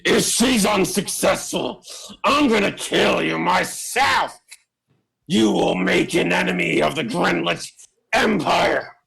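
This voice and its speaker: A desperate lord of an empire, voiced by a man running a tabletop game shrieks for rescue high above his normal register. His voice carries a gravelly rasp. Every cry sounds frantic. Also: big pitch swings, slow, full character voice, rough recording. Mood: threatening. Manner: shrill shouting, pleading. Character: desperate male imperial lord, panicky then menacing.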